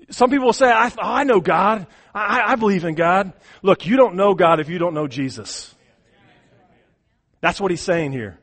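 A man delivers a sermon in a notably high voice. He moves from quiet, hushed asides to loud, shouted peaks. He often stumbles and repeats words as he restarts his phrases. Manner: impassioned, swings from hushed to shouting. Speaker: pastor.

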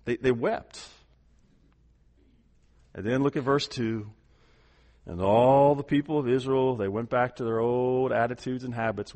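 A man preaching a sermon with a folksy, conversational manner and rhetorical questions, swinging from quiet asides to loud, drawn-out proclaiming. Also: medium pitch. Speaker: pastor. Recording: long hall reverb.

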